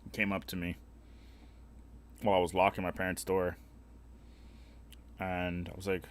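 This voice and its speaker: Casting: young male streamer, lowish voice, crude and blunt, acts out the people in his stories. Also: normal speed. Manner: blunt, heavily profane, animated retelling with voiced quotes. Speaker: live streamer. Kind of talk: casual storytelling while gaming.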